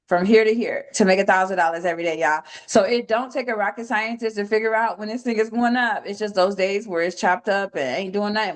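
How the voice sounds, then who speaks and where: Slangy, chatty woman teaching trading. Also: medium pitch. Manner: loose, slangy and chatty, swears freely; animated when retelling stories, voice jumps up. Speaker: trading mentor. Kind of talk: casual teaching session on a call.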